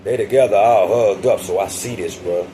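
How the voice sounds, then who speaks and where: Over a noisy background, a young adult man tells a prison story in a casual storytime vlog. His fairly low voice moves at a normal speed, and he's slangy and profane, often speaking straight to his listeners.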